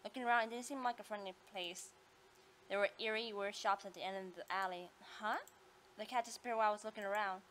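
A woman reading a story game aloud, acting out the heroine's lines with expressive delivery. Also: mid-range voice, quick pace, slight background noise. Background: game music.

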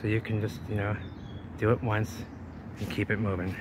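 Rambling excitable man filming outdoors. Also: lowish voice, moderate pace. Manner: excitable, rambling, thinks aloud. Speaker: vlogger exploring ruins. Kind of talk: casual exploring vlog. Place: outdoors by ruins and a river. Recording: noisy outdoor camera audio.

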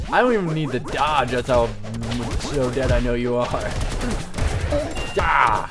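A man giving lively let's-play commentary, taunting game enemies and joking as he fights. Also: medium pitch, measured pace, noisy background. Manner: excitable, taunting enemies aloud. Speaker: gaming channel host.

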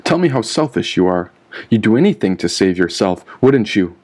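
A man's voice: lowish voice, very animated, normal speed, a little mellow. A man reading the part of a cruel king who sneers and accuses in an audiobook. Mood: sneering. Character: cruel taunting male king.

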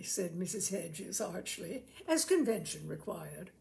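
A woman reading a short story aloud in a measured, expressive way. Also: on the high side, gravelly. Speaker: story reader.

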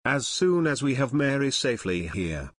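A man's voice: mid-range voice, very animated, normal speed, no room sound, clean studio sound. A man voicing a level-headed, decisive teenage boy detective in an audiobook. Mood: firm. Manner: firm, decisive.

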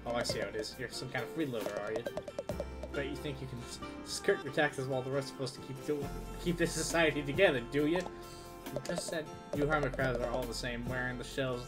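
A man's voice: medium pitch, fairly quick, natural voice. A man reading a bitter, scornful sea creature. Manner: scornful, complaining. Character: bitter, resentful male sea creature laborer. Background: game music.

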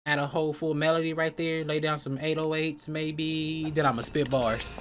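A man's voice: a little high, little pitch movement, normal speed, a bit bright. A man giving casual, crude, joking gameplay commentary full of slang. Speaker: gaming youtuber. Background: game music.

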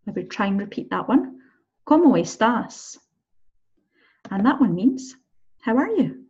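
Husky woman teaching a beginner language lesson. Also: mid-range voice, very animated, darkish tone, highs cut off. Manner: encouraging, chatty, slow model pronunciations with checks like "okay?". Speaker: Spanish teacher. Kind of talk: recorded online language lesson.

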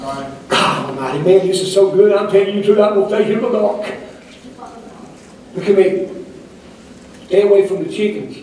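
A man's voice: high voice, moderate pace, pauses often, darkish tone, slight background noise. An older male pastor preaching a sermon in a church, with rhythmic, fiery delivery and repeated calls to the congregation. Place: church sanctuary. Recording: echoey distant room recording.

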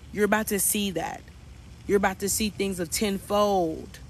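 A man's voice: sits high, little pitch movement, a little fast, a little hiss or hum. A man working as a spiritual coach, giving a casual, preachy reading to viewers and repeating his points. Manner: preachy, repetitive, addresses viewers as y'all.

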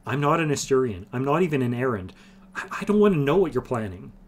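A man's voice: medium pitch, very animated, fast, pitched above the performer's own voice. A man voicing an earnest, thoughtful young man reasoning things out in a fantasy audiobook reading. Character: thoughtful earnest young male farm boy.

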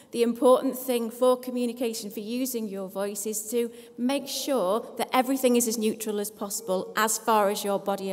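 Brisk, encouraging woman voice therapist. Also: fairly high pitch. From England. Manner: brisk, encouraging, lightly self-deprecating. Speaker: speech and language therapist. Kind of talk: live workshop talk leading an audience in voice exercises. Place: conference hall with audience. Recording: long hall reverb.

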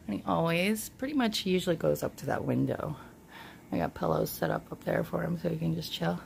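A woman's voice: on the low side, normal speed, creaky, a little hiss or hum. A woman filming a casual vlog at home on a handheld camera, chatting to viewers and cooing to her pet. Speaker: reptile keeper vlogger. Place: home bedroom.

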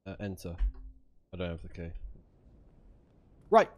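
A man's voice: sits low, steady tone, a little slow, long pauses, darkish tone. A man streaming a video game, talking through each move aloud with plenty of swearing and playful silly voices. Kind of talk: live gameplay commentary.

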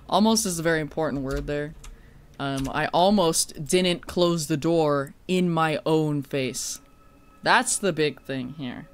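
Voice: medium pitch, slow, clean tone. A streamer playing a horror game live, chatting and swearing, breaking into shrieks when startled.

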